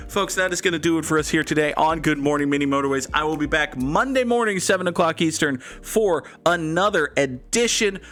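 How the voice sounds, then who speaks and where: A man's voice: a little high, moderate pace, fairly bright tone. Joking male streamer with faint music. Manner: playful, jokey, reads and answers chat. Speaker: streamer and host. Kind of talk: casual live-stream chat while playing a game.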